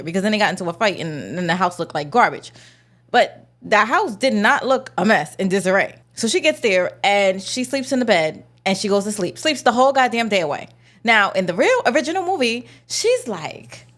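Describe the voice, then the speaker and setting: A young adult woman ranting casually about a movie, sarcastic and slangy, mocking the characters in exaggerated voices. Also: mid-range voice. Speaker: movie reviewer. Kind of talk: casual vlog rant.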